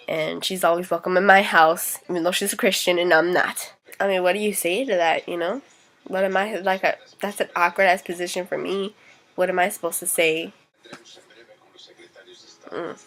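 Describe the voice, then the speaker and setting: A woman's voice: fairly low pitch, a bit bright. A young woman vlogging, venting frankly and indignantly about a hurtful situation, swearing freely. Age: young adult. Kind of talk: casual venting vlog.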